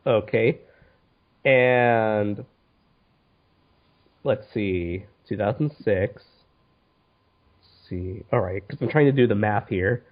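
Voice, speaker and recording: A young man co-hosting a podcast on a headset, talking in a halting way and stopping to ask questions. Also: on the low side. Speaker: podcast co-host. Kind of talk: casual chat. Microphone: headset on a voice call. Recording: muffled lo-fi call audio.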